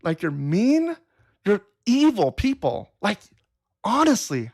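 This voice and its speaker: A woman's voice: mid-range voice, wildly swooping pitch, slow pace, darkish tone. Blunt, exasperated woman livestream host. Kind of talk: casual livestream talk reading chat comments.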